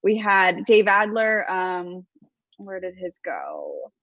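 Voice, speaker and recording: A woman co-hosting, reading out viewer donations in halting casual chat, over dull lo-fi audio. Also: fairly low pitch, huge pitch swings, no echo. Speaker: co-host reading viewer tips. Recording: dull lo-fi audio with faint noise.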